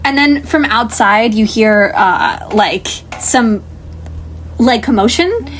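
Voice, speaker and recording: A young woman in a casual college tabletop game podcast, narrating the scene as game master in a loose, rambling way. Her voice sits fairly high, with a faint hiss in the background. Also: slow pace, fairly bright tone. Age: young adult. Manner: rambling, with fillers and laughter.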